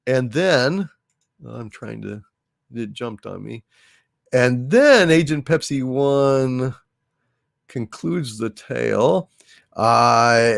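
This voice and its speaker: Animated, blunt man hosting a comedy stream. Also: medium pitch, extremely slow, creaky, pauses often, dry recording, clean studio sound. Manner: blunt, rambling, animated, swears freely. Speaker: livestream comedy host. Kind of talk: casual chat reading viewer messages.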